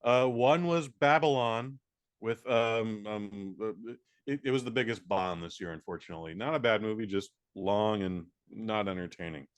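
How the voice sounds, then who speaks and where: A man co-hosting a podcast in casual chat, quick and sarcastic, breaking into jokey voices. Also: fairly low pitch, clear, resonant tone, dry recording. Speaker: podcast co-host.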